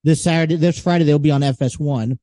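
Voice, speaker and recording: Mellow, hesitant male guest co-host. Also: fairly high pitch, quick pace, dry recording, studio quality. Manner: hesitant, searching for words. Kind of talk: casual chat.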